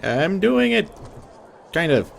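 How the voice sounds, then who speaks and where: A man's voice: sits high, sing-song, slow pace, vocal fry, a little hiss or hum. A man giving casual, self-deprecating gameplay commentary as the host of a let's play.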